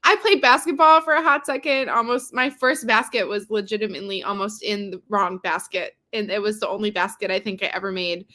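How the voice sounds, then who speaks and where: A woman's voice: medium pitch, steady tone, brisk, few pauses, sharp tone. A young woman co-hosting a casual movie chat, giggly and chatty, with lots of filler words. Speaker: podcast co-host.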